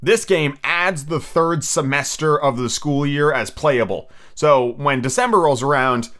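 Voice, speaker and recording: A man reading a storybook aloud on his podcast and then chatting casually, excitable and swearing freely. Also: a little high, measured pace. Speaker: podcast host and reader.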